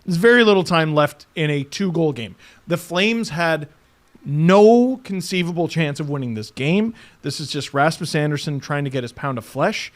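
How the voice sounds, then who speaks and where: A man's voice: on the high side, expressive, moderate pace. A man co-hosting a podcast in casual chat, joking and swearing freely. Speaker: podcast co-host.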